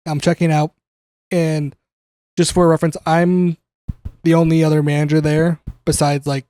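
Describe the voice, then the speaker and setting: A man's voice: fairly high pitch, flat delivery, moderate pace, mellow, clear, resonant tone. A young adult man telling a work story on a podcast in casual chat, swearing, laughing and acting out what people said. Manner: profane, laughing, acts out quoted dialogue. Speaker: podcast co-host.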